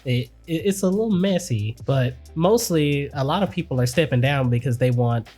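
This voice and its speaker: A woman co-hosting a podcast in casual chat, relaxed and opinionated, with "like" dropped in often. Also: very deep voice, moderate pace, slightly rough, faint music behind. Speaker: podcast co-host. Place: home recording setup.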